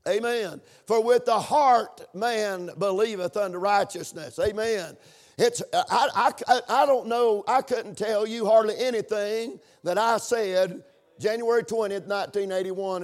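A man preaching a sermon in a chanting, sing-song cadence, breaking in with amens. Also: high-pitched.

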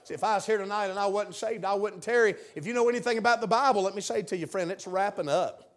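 A man preaching a fervent revival sermon in church, swinging between hushed asides and shouted appeals. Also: high-pitched, fast talker.

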